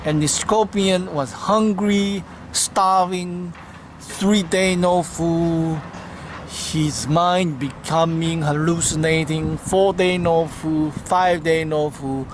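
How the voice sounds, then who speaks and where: A man's voice: fairly high pitch, steady tone, slow pace, slight background noise. A man giving an earnest spiritual talk and telling a parable, in simple phrasing with slips of grammar, recorded outdoors in a city. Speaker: Hare Krishna devotee.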